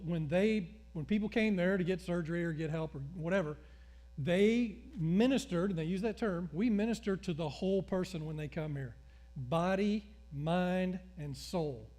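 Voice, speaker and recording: A middle-aged male pastor with a high voice preaches a sermon, animatedly telling stories and acting out the dialogue.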